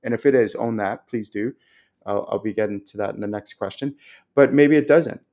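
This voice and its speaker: A man hosting his own show, answering viewers' spiritual questions in a casual, animated way, full of fillers like um and like. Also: fairly low pitch, normal speed. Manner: animated, chatty, many fillers. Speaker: spiritual teacher and show host. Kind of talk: casual Q&A talk.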